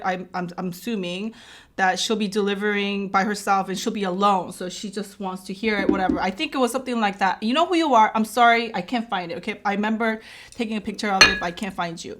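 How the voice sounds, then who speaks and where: A woman's voice: medium pitch, fairly bright tone. A woman, telling a rambling story casually to her viewers in a mukbang vlog, with many "like"s and "right?"s. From Korea. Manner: rambling, chatty, filled with "like" and "right?". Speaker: vlogger and mother.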